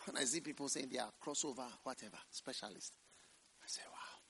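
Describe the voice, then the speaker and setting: A man preaching a revival sermon in church, swinging from loud, drawn-out scripture quotes to quiet, hushed asides. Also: medium pitch. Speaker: pastor.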